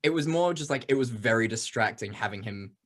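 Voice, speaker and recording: A podcast co-host chatting casually about a film, in a relaxed, rambling way with loose, meandering sentences. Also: mid-range voice, brisk. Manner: relaxed and rambling, many fillers and restarts. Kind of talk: casual movie review chat.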